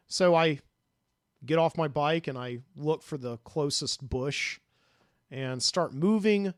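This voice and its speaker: A man's voice: medium pitch, no room sound. A man hosting a podcast, telling a dream story in a rambling way with many fillers, recorded in a studio. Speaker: podcast host.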